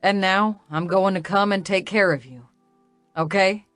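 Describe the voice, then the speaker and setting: A calm, protective young man with a smooth, slow drawl, as a woman narrator lowers her voice for him. He speaks softly and soothingly, in a dry, close audiobook sound with faint music underneath. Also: no echo, close to an everyday voice.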